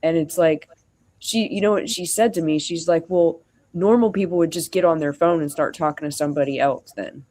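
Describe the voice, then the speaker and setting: A streamer tells a long personal story in a loose, rambling way, full of "like" and "you know." The voice sits at an ordinary mid pitch and jumps between narration and acted-out quotes of both sides of the exchange. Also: a little fast, darkish tone. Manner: rambling, acts out quoted dialogue, frequent fillers. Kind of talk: venting casual storytelling.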